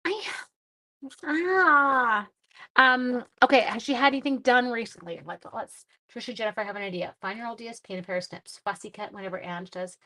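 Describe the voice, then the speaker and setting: A woman, hosting a casual livestream craft demo, chatty, giggly and quick to poke fun at herself. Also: fairly high pitch, pushed and bright, a little hiss or hum. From Canada. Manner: chatty, giggly and self-deprecating. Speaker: craft class host and schoolteacher.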